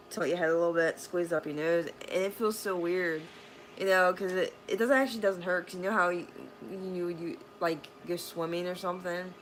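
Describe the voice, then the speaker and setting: Low-voiced woman rambling, swearing vlog story. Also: a little hiss or hum, low-quality recording. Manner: rambling, profane, lots of fillers. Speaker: vlogger. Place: bedroom at home.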